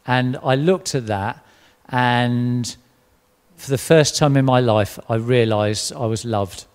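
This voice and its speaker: A man's voice: mid-range voice, measured pace. A man giving an earnest, emotional personal testimony, often restarting his sentences. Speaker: church member giving testimony. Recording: long hall reverb.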